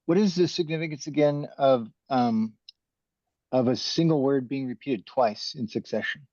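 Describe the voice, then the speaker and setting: A man asks questions in an online class, his voice dark and mellow. He speaks carefully and a little hesitantly, and the call audio sounds dull and muffled. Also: medium pitch, normal speed, no room sound. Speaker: student. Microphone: video call.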